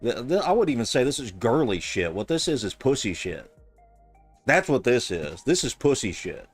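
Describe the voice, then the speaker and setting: A man's voice: medium pitch, sing-song, normal speed, husky, soft background music. A man streaming, reacting to a clip in casual, blunt, profane and mocking commentary on a close mic.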